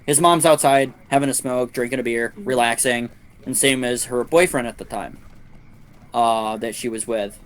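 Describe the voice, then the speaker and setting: A man streaming a game, telling a long anecdote in casual chat, with lots of swearing and voices for the people in his story. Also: medium pitch. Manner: profane, animated anecdote-telling with quoted voices. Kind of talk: casual storytelling while gaming.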